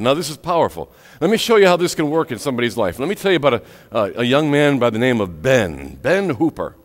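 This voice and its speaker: A male pastor telling a story in a sermon, with dramatic pauses and whispery drops on key words. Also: medium pitch. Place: church sanctuary. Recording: echoey church hall with long reverb.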